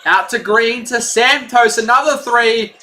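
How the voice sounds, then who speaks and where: Man, high voice, bright, casual rambling stream commentary, lots of fillers. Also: a little slow, slight background noise. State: out of breath. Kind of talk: casual live play-by-play stream.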